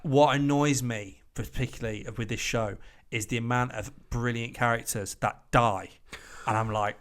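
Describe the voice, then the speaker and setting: A man's voice: mid-range voice, moderate pace, hardly any pauses. A British man co-hosting a podcast, chatting casually, swearing often and rambling as he acts out quotes. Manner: sweary, rambling, animated quoting. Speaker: podcast co-host. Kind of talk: casual chat.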